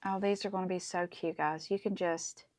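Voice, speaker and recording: A woman's voice: on the low side, steady tone, moderate pace, darkish tone, no room sound. A woman hosting a casual crafting tutorial, chatty and enthusiastic as she talks through each step. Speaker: crafting channel host.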